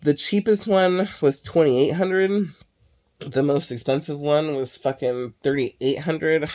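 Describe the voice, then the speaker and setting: A woman's voice: sits low, takes it slowly, darkish tone. A young woman host chatting casually and candidly, rambling and swearing freely. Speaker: podcast host. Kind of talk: casual chat.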